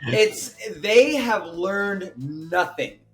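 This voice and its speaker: Male podcast co-host, high voice, profane exasperated ranter. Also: expressive, drawn-out words, fairly bright tone, soft background music. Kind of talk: casual podcast chat.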